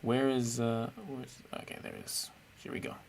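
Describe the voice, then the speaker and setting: A man's voice: mid-range voice, wildly swooping pitch, moderate pace, vocal fry. A man streaming live, chatting casually and playfully with his viewers while he rates chess games. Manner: chatty, playful, thinks aloud while searching.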